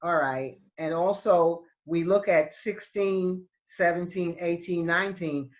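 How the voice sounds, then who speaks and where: A woman teaching Spanish in an online class, explaining patiently with halting restarts over a video call. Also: lowish voice, fairly even intonation, lo-fi sound.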